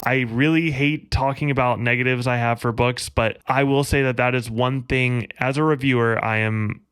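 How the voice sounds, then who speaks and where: A man's voice: mid-range voice, fairly even intonation, fairly bright tone, clear, resonant tone, no room sound. A man giving a casual, enthusiastic book review on his own channel, talking earnestly. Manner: enthusiastic, earnest, speeds up and slows down while talking.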